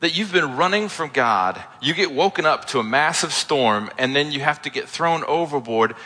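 A man's voice: a little high, expressive, normal speed, bright, forceful tone. A man preaching a sermon as a pastor, retelling a story in a casual, conversational way with asides. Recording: echoey hall.

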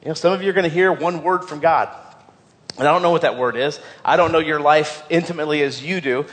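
A man's voice: fairly high pitch, fast, long reverb tail. A man preaching a sermon as pastor, earnest, repeating key phrases for emphasis and often stumbling over repeated words.

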